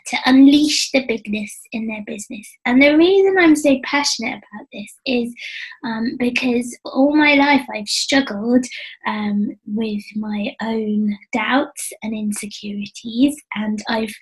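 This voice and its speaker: English woman in her 40s, kinda high youthful voice, chatty, laughs at herself a lot. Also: rough recording. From England. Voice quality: youthful, childlike-sounding voice. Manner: chatty, self-deprecating, laughs often. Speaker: business coach. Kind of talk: casual interview. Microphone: headphones with mic.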